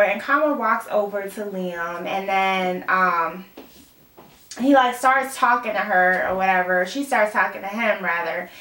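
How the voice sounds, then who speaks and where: A woman's voice: fairly high pitch, a bit bright. A young woman in casual chat, rambling through a TV episode recap, full of "like" and "um". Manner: rambling, full of "like" and "um", mixes up names. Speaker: TV recap vlogger. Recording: roomy room, mic far off.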